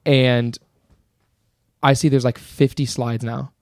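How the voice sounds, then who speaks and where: A young man rattles through a story on a casual podcast, piling up fillers and restarts. His pitch sits in an ordinary middle range, and the sound is dry and close. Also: slow pace, no room sound. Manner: rambling, animated storyteller full of fillers. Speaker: podcast co-host.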